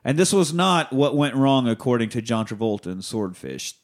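A man with an ordinary mid-pitched voice talks through a movie plot in a casual, rambling way. He swears freely and circles back on himself as he tells the story. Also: very animated, normal speed. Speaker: podcast host.

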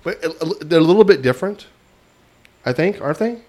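A man's voice: a little high, expressive, fairly quick, a little mellow. A man co-hosting a casual beer-review chat, telling stories and laughing often. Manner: chatty, storytelling, laughs often. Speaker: podcast co-host.

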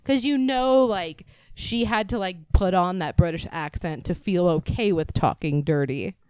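A woman's voice: lowish voice, darkish tone, clear, resonant tone, no room sound, poor audio. A woman co-hosting a casual podcast, joking crudely and swearing freely. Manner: bawdy, swears freely, quick to laugh. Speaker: podcast co-host. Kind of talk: casual comedic podcast chat.

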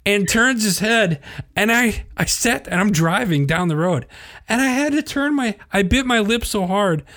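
A man's voice: high-pitched, lively intonation, moderate pace, fairly bright tone. A middle-aged man co-hosting a podcast, telling a story in casual chat and laughing as he talks. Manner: rambling, laughs through stories. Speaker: podcast co-host.

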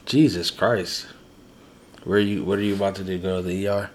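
A man's voice: sits low, completely flat delivery, rapid-fire, darkish tone, a little hiss or hum. A man co-hosting a podcast in casual chat, blunt and teasing with a lot of swearing. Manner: blunt, teasing, profane banter. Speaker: podcast co-host.

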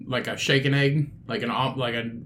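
A man's voice: medium pitch, fairly even intonation, fairly quick, fairly bright tone, a little hiss or hum. Rambling, easygoing male podcast co-host. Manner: rambling, full of "like" and trailing restarts. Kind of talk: casual chat.

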